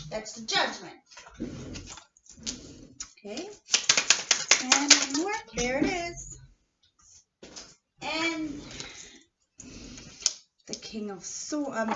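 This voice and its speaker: A woman's voice: sits high, very animated, takes it slowly, pauses often. A woman giving a casual tarot card reading with a non-native English accent, chatty and often checking in with her listeners. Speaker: tarot reader. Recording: distant, dull, noisy home recording.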